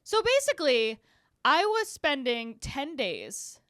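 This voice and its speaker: A woman's voice: high voice, slow pace, no room sound, clean studio sound. Swearing pregnant woman telling a story. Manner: animated storytelling, swears freely, acts out quotes. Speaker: podcast co-host. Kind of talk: casual chat.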